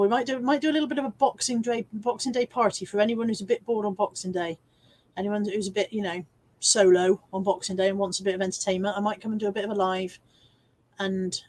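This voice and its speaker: A woman's voice: mid-range voice, a little mellow. An English woman hosting a casual live stream from home, chatting and teasing herself as she reads out viewer comments.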